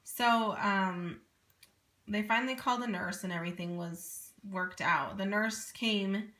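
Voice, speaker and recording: A woman in her thirties telling a personal story as a parent, in an earnest, animated way with many asides. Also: mid-range voice, unhurried. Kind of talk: casual first-person storytelling. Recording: echoey room.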